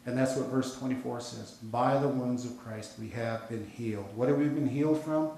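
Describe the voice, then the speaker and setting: A man's voice: mid-range voice, steady tone, moderate pace, gravelly, dark tone, a little hiss or hum. A man preaching a sermon with an American accent, talking in a conversational, folksy storytelling way with casual asides. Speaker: pastor. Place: church sanctuary. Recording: very echoey church hall.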